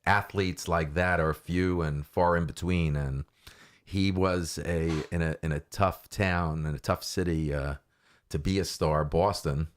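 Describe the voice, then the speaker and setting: Deep-voiced man rambling on air. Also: steady tone, unhurried. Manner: rambling, filler-heavy enthusing. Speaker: host. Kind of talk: casual chat.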